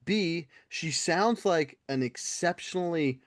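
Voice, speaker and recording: A man's voice: fairly high pitch, takes it slowly, dry recording, clean studio sound. Profane, mocking male podcast host. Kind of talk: casual podcast chat.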